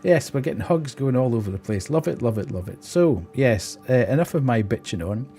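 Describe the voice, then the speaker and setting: A man's voice: medium pitch, expressive, brisk, mellow, faint music behind. A man, streaming and telling an exasperated story in casual chat while laughing often.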